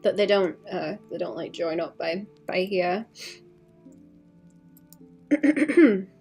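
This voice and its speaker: A woman's voice: on the low side, expressive, takes it slowly, a little mellow, soft background music. A woman artist on a casual livestream, rambling as she thinks aloud about her drawing and adding playful sound effects.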